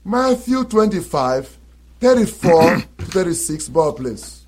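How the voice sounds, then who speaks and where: Male preacher, high voice, unhurried, emphatic sermon delivery with rhetorical questions. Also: very animated, a little mellow, breathy edge. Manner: emphatic, repeats phrases, asks rhetorical questions. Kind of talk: sermon to listeners.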